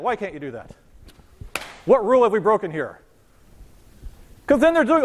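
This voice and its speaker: High-voiced joking male physics professor. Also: wildly swooping pitch, normal speed, long pauses. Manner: casual, joking, talks to students directly. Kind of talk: university lecture. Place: lecture hall. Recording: long reverb of a lecture hall.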